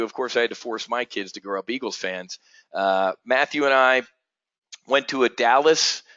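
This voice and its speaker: A male trading webinar host with a forceful, bright voice, blunt and energetic, rambling as he goes. The audio is dull and lo-fi, with a dry, close sound and no room echo. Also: mid-range voice. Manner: energetic, blunt, rambling, keeps calling out "folks". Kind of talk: live trading webinar talk.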